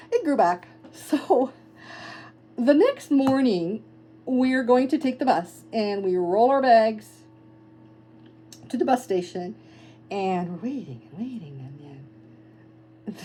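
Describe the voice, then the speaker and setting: A middle-aged woman tells a travel anecdote in a casual, animated way, often laughing and putting on the voices of people she met. Her voice is mellow and warm. A faint hum runs beneath her. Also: mid-range voice, rough recording. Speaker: travel vlogger. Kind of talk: casual storytelling.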